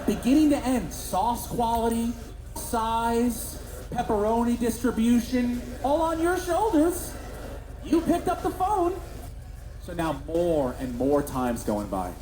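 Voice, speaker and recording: Animated male stand-up comedian. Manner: animated, swings into high voices for characters. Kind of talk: stand-up storytelling. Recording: echoey venue with background noise.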